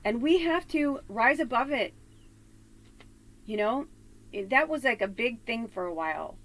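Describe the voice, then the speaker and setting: A woman's voice: fairly high pitch, expressive, measured pace, poor audio. A woman from Chicago, a psychic medium, telling a heated story in a casual vlog with lots of swearing and fillers. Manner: lots of fillers like "you know" and "like".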